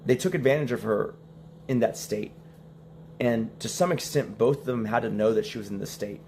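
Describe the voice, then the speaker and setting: A man's voice: medium pitch, moderate pace, a little mellow, slight background noise. A young man telling a story in casual stream talk, acting out the quoted lines and laughing between them.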